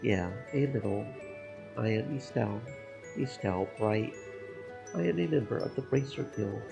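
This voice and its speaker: A man's voice: lowish voice, animated, moderate pace, vocal fry. A man reading Estelle, a blunt young fighter. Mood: frank. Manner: blunt, skeptical replies. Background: game music.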